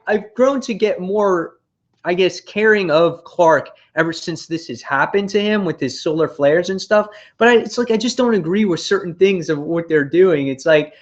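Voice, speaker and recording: A man's voice: high-pitched, dull audio. A young man hosting a live comic book review show, talking casually with lots of fillers and exasperated rants. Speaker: host.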